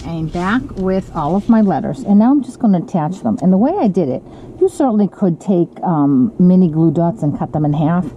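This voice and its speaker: Woman, home crafter, casual chatty tutorial delivery, lowish voice, noisy lo-fi recording. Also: dark tone. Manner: chatty, with frequent ums and self-corrections. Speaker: card-making demonstrator. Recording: lo-fi with audible background noise.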